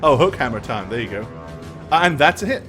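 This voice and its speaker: A man's voice: medium pitch, very animated, a little fast, music in the background. A man running a tabletop game as game master, narrating rolls and actions with laughs.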